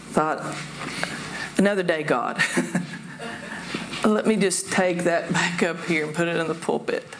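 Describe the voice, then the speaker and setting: A woman's voice: medium pitch, noisy background. A woman pastor giving a chatty, self-deprecating sermon from the pulpit and laughing often. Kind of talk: informal sermon. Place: church sanctuary.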